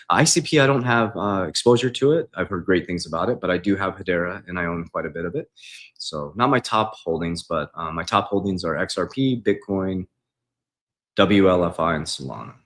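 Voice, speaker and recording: A man's voice: low-pitched, fairly bright tone. A man, an investing coach, talking casually on a livestream from his home kitchen, reading out viewer comments and answering them in a loose, chatty way.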